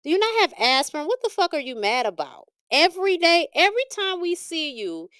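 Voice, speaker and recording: High, lively-voiced blunt tarot reader woman. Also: brisk, no room sound, studio quality. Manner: blunt, profane, animated ranting; frequent laughter. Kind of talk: livestream tarot reading.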